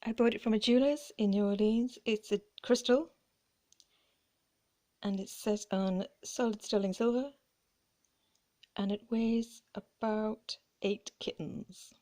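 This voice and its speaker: A woman's voice: medium pitch, steady tone, a little slow, pauses often. A woman with a playful, theatrical and self-mocking way of talking, showing off vintage clothes in a light-hearted chat. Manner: theatrical and self-mocking, often drops to a hush. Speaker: vlogger.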